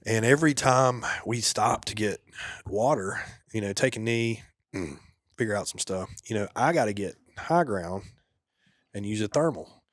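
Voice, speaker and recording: A man with a fairly low voice recounts his time in combat as a podcast guest. He talks casually and laid-back, sinking into a hushed murmur at the grim moments. The recording is dry and close. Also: expressive, measured pace, no echo. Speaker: podcast guest, former soldier. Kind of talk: casual war storytelling.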